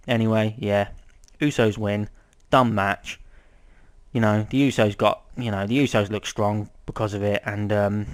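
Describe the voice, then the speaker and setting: A young man giving a casual, rambling review of a wrestling show, swearing often and filling pauses with ums. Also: lowish voice.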